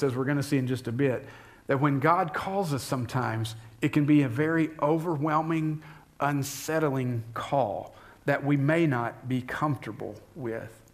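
A man preaching a sermon as pastor, speaking conversationally and putting questions to the congregation. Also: medium pitch.

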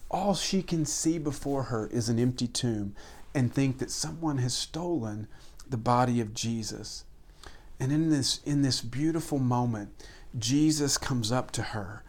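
A man delivers a sermon from the pulpit at a middle pitch. He stacks phrases into rhythmic lists and pushes them with rising emphasis. Then he pulls back into soft, almost whispered lines. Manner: swings between emphatic rises and hushed, near-whispered passages. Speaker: pastor.

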